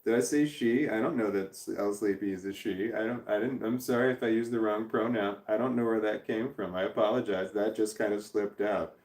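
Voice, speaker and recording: A man's voice: fairly low pitch, fairly even intonation, a little fast, hardly any pauses, a little mellow. A man in his forties hosting a casual livestream and reading viewer comments, rambling, swearing and interrupting himself. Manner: rambling, profane, self-interrupting. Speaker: livestream host. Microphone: camera in front. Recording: roomy echo.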